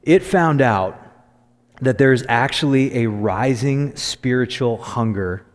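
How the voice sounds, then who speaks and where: Male pastor, mid-pitched voice, conversational storytelling sermon, long church reverb. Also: slow. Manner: conversational storytelling, animated when quoting. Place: church sanctuary.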